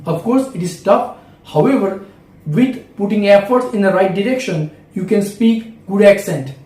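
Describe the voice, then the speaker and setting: A man's voice: high voice, moderate pace, mellow, echoey room, distant mic, low-quality recording. A man with an Indian English accent giving a step-by-step video lesson as an English exam tutor, repeating key phrases.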